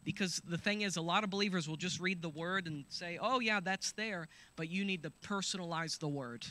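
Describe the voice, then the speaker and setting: A man preaching a sermon, reading scripture aloud, calling out hallelujahs and shouting the healing commands. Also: fairly high pitch, brisk. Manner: calls out to the congregation with hallelujahs.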